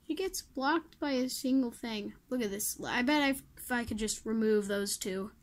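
A woman plays a mobile game and talks her way through it, begging shots to work and laughing at her own misses. Her voice sits a little high and she speaks slowly, trailing off into muttered asides. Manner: self-mocking, pleading with the game, muttering asides. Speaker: gamer playing a mobile game. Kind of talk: casual gameplay commentary.

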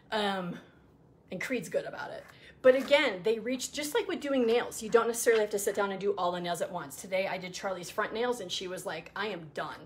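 A middle-aged woman talks casually as she grooms her dog, rambling with lots of ums and false starts. Her voice sits at an ordinary pitch, and she breaks off now and then to coo softly at the dog. A faint hiss hangs behind her. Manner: rambling, chatty, many ums and restarts; soft cooing asides to the dog. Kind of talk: casual livestream chat while grooming.

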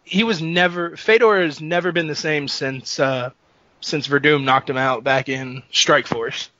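A man co-hosting a casual sports podcast, animated and jokey, laughing often. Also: fairly high pitch, unhurried, no echo. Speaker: podcast co-host. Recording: dull lo-fi dry sound.

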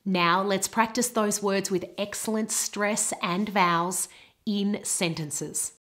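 A woman presenting a short pronunciation lesson at a slow, unhurried pace. She sets out each word with care and repeats it for the listener to copy. Her pitch sits in a medium range. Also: fairly even intonation, fairly bright tone. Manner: clear, deliberate model pronunciations. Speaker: pronunciation teacher.

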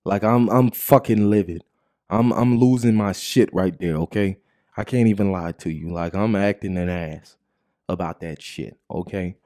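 A young man hosting a vlog, ranting angrily and swearing constantly, with a husky voice and repeated "bro" tags. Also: sits low, moderate pace, warm tone. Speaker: vlog host.

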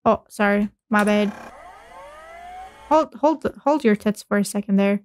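A woman hosting a video game playthrough, chatting casually with crude jokes and sudden loud outbursts. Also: mid-range voice, measured pace, no echo. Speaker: gaming video host. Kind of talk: casual let's play commentary.

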